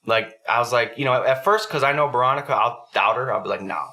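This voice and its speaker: A man's voice: medium pitch, fast talker, pushed and bright. A young adult man hosting a podcast, telling a story in a casual, profanity-heavy way. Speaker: podcast host.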